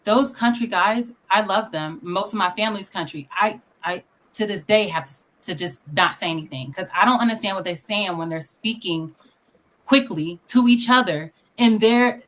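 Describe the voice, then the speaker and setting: A woman's voice: medium pitch, normal speed, fairly bright tone. A woman from Iowa on a casual live-stream panel, explaining her view at length with examples from her own family.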